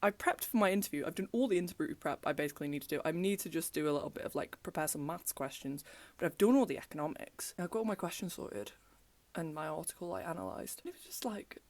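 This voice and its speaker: A woman's voice: low-pitched, fast talker, a little mellow, no echo. A young woman, chatting casually in a vlog from her apartment and telling stories with lots of "like" fillers. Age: young adult. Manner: chatty storytelling, frequent "like" fillers. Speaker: student vlogger. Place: apartment living room.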